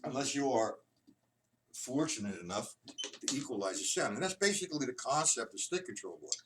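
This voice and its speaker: A man teaching a drum lesson on a live stream, patiently explaining and counting out loud. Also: medium pitch, lively intonation, a little fast. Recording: distant mic, loud noisy room.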